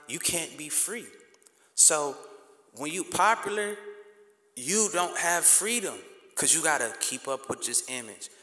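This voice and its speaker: A man's voice: medium pitch, pushed and bright. Man, blunt impassioned monologue, long reverb hall sound. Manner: blunt, ranting, repetitive street slang. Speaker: podcast host. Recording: echoey room with long reverb.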